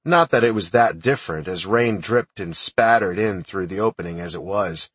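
A man's voice: deep voice, moderate pace, a bit bright, slightly rough, no room sound, distant mic. A man reading first-person audiobook narration in a plain, matter-of-fact storytelling manner.

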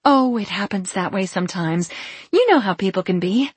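A woman reading the part of a flustered woman who keeps up a forced airy brightness. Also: mid-range voice, lively intonation, normal speed, husky, no room sound. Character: Edith, flustered woman hiding something.

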